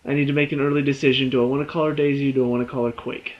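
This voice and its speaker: A man reviewing a TV episode in an excited, rambling way, often laughing and restarting words. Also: medium pitch, very fast, lo-fi sound.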